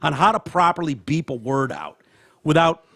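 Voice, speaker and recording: A man's voice: fairly high pitch, normal speed, creaky, no room sound, studio quality. A man hosting a podcast, chatting casually and profanely, with frequent laughter. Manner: profane, animated, laughs often. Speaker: podcast host.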